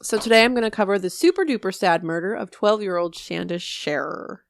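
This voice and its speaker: A woman's voice: medium pitch, fairly quick, vocal fry, dry recording, clean studio sound. A young woman co-hosting a casual podcast, joking, swearing and teasing as she chats. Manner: swearing, laughing, teasing banter. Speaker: podcast co-host. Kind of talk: casual chat.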